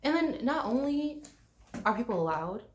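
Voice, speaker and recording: Young woman from the US, travel vlogger, casual rant, blunt, swears a lot, fairly high voice. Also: big pitch swings, a little slow. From United States. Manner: blunt and exasperated, swears freely, mocks others with put-on voices. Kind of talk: casual ranting vlog.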